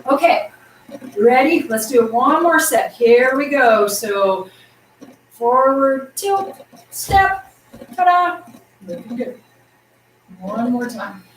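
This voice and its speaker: Upbeat female tai chi teacher, fairly high voice, projecting, heard from across an echoey room. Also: takes it slowly, far from the mic, slight background noise. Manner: upbeat, encouraging, counts out moves; projecting her voice loudly. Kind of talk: guiding an exercise class. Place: exercise room indoors.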